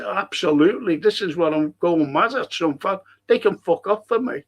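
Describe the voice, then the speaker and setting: A man's voice: on the high side, moderate pace, few pauses. A man with a Liverpool accent hosting a fan stream, rambling through viewer comments, swearing freely and laughing at his own stories. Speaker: host of a fan live stream. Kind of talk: casual chat reading viewer comments.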